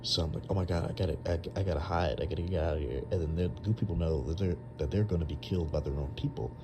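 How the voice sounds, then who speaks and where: A young man with a low, deep voice tells a long dream in a casual, rambling way. He stumbles through fillers and restarts as he goes. A faint ambient hum sits under the recording. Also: fast talker. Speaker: storyteller.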